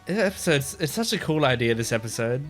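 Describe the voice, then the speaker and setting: A woman's voice: a bass voice, sing-song, fast talker. A woman hosting an anime reaction video, talking casually and emotionally, with exclamations and swearing. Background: faint anime music.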